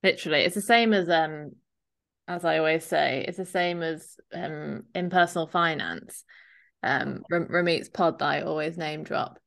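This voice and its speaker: A woman's voice: deep voice, moderate pace, vocal fry, fairly bright tone. A woman co-hosting a podcast as a fitness coach, talking bluntly and animatedly, sometimes swearing and acting out other people's voices. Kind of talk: casual podcast chat.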